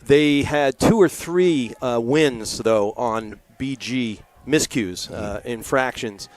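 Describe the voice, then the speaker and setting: A man's voice: mid-range voice, slow pace. Chatty, earnest male color commentator. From Maryland. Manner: chatty and earnest, with frequent fillers and rambling asides. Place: press booth at a lacrosse game.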